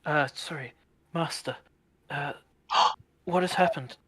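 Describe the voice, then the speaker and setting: A man voicing a groggy, bewildered young woman who has just woken, speaking softly and hesitantly. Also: a little high, animated, unhurried, very noisy. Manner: soft, hushed, hesitant.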